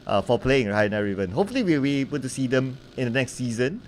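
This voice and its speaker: A man's voice: medium pitch, quick pace. Chatty male esports caster. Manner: relaxed, chatty, laughs easily. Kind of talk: live game commentary. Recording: faint background noise.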